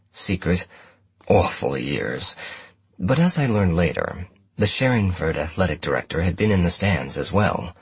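A man reading a first-person novel aloud in a wry, measured manner. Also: deep voice, breathy edge, no room sound. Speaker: audiobook narrator. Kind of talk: scripted first-person narration.

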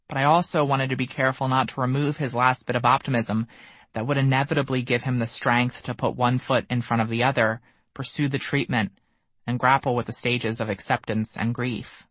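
A man reading his own memoir aloud as an audiobook, measured and somber. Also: medium pitch, fairly bright tone, no room sound. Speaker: memoir narrator. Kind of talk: audiobook narration.

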